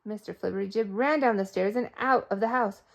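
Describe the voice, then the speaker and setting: A woman reading a children's storybook aloud, expressive and playful with sound effects. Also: medium pitch, brisk, vocal fry, dull audio. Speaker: storybook reader.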